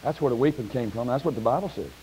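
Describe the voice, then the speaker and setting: A man preaching a sermon in a church, folksy and plain-spoken, climbing to high shouted peaks. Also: animated, fast, slight background noise, rough recording. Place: church sanctuary.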